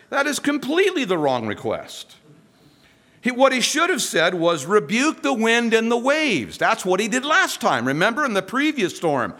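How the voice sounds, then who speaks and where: A male pastor delivering a sermon in a high, bright voice. His pitch swings widely as he tells the story with humor and acts out the voices of the people in it. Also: wildly swooping pitch, moderate pace.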